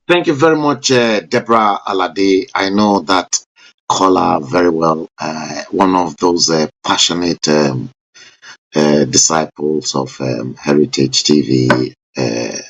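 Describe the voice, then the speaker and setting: Male streamer-host, fervent and declamatory, husky, drawn-out delivery. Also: rumbling low. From Nigeria. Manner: fervent, declamatory, with sudden loud rising bursts. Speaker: live-stream talk show host. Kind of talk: impassioned political commentary.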